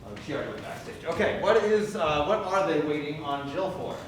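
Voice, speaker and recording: An improv teacher running a class showcase, calling freezes and cues in a brisk, encouraging way. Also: medium pitch, lively intonation. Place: school theatre hall. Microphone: far room mic. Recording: echoey, distant, noisy hall recording.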